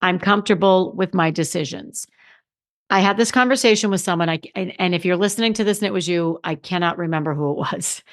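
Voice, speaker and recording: A woman's voice: fairly low pitch, fairly quick. Emphatic woman hosting a solo podcast. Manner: conversational, emphatic, with restarts and repeated phrases. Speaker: podcast host and confidence coach.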